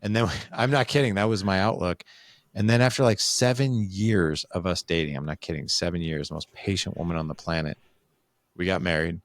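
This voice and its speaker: A man in his forties, a podcast guest, telling personal stories in a candid, animated way and acting out what he once said. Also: low-pitched, a little fast, no room sound. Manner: animated, acts out his own past quotes. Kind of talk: candid conversational storytelling.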